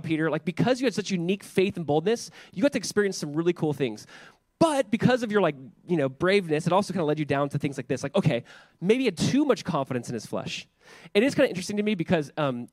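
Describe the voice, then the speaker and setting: A male pastor preaching a casual, animated sermon, full of "like" and quick acted-out quotes. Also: high-pitched, dry recording. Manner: animated, filler-heavy, acts out scripture voices.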